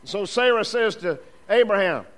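High-voiced man preaching emphatically. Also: animated, normal speed, a bit bright, poor audio. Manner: emphatic preaching with repetitions and rising, falling emphasis. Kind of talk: sermon.

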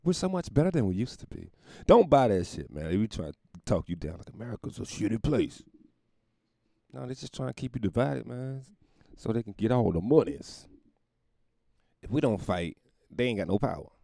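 A man's voice: lowish voice, sing-song, normal speed, gravelly, dark tone, no echo, clean studio sound. A man going on a rambling, profane comedic rant, often laughing at his own jokes.

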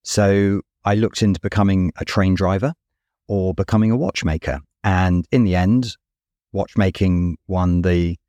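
Low-voiced man telling a career story. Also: fairly even intonation, measured pace, dry recording. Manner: warm anecdotal storytelling with wry asides. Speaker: guest, watch company founder. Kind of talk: storytelling interview.

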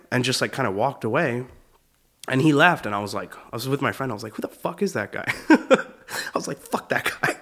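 Male comic, 20s, mid-pitched voice, loose rambling monologue, laughs easily. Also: a bit bright. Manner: rambling, laughs at own stories, acts out quotes. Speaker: comedian host. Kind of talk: casual comedic monologue.

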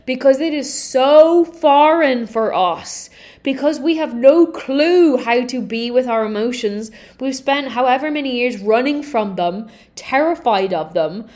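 A woman's voice: high voice, unhurried. Candid, swearing woman podcast host. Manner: candid, energetic, swears freely. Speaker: podcast host and healing coach. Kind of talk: casual podcast monologue.

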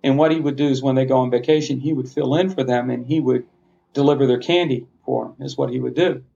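A middle-aged man telling a personal family story as a podcast guest, heartfelt and passionate with halting restarts. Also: mid-range voice, steady tone, gravelly, warm tone. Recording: slightly muffled lo-fi sound.

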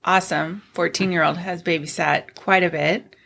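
A middle-aged woman co-hosting a relaxed chat show. She talks in a chatty, storytelling way and laughs often. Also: fairly low pitch, normal speed, vocal fry. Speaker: podcast co-host. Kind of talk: casual chat.

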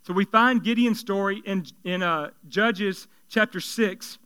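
A male pastor preaching a sermon in an animated, conversational way, with joking asides. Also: high-pitched, measured pace, smooth.

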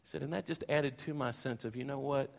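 Male pastor, mid-pitched, earnest sermon storytelling, echoing church hall. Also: fast, gravelly. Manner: earnest storytelling, repeats phrases for emphasis. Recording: long hall reverb.

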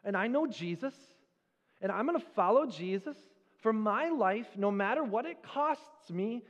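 A man preaching a sermon as pastor in a church, with a conversational, animated storytelling manner. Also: sits high, unhurried, long reverb tail, lo-fi sound. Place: church sanctuary.

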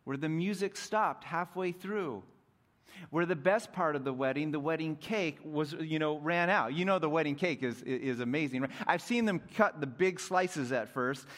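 Young guy pastor giving a sermon, kinda high voice, gets soft and quiet for the heartfelt parts. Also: normal speed. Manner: animated, drops to soft intimate tones.

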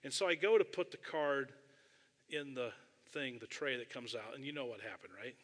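Speaking at normal speed and medium pitch, a middle-aged pastor tells stories through his sermon, poking fun at himself and adding casual asides. His bright, clear voice echoes with the long reverb of a big sanctuary.

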